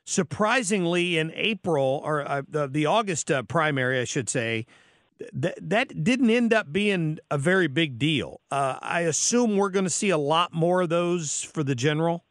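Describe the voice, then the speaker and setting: A man with a fairly high voice hosts a radio talk show in a casual, chatty way, often restarting his sentences. He sits close to the mic in a dry studio, with no room sound around him. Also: expressive, moderate pace, fairly bright tone, dry recording.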